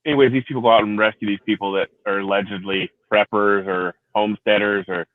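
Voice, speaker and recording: A man's voice: lowish voice, steady tone, quick pace, no room sound. A man who is a Marine veteran hosting a casual livestream, rambling and swearing freely, laughing often. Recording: tinny phone-like sound.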